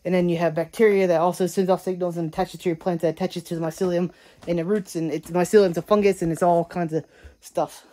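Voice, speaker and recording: A woman's voice: lowish voice, fairly even intonation, fast, dark tone. A woman vlogging casually at home, chatting in a rambling way and talking to her cats, recorded on a handheld camera. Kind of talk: casual vlog chat.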